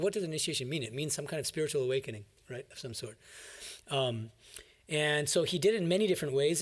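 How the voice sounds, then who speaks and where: A man, a monk, giving an emphatic, explanatory commentary on a scripture reading to a class. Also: on the high side.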